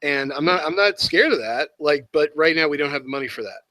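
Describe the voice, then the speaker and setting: A man's voice: on the high side, animated, brisk, bright, forceful tone, no echo, low-quality recording. A man hosting a casual chat, thinking aloud with hesitant, self-deprecating asides. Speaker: host.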